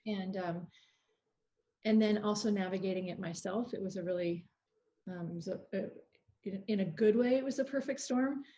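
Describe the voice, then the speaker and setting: A woman's voice: mid-range voice, moderate pace, dark tone. A middle-aged woman, a fitness educator, speaking thoughtfully as a podcast guest, with fillers and restarts, on a dull lo-fi recording. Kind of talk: casual interview chat. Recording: dull lo-fi sound.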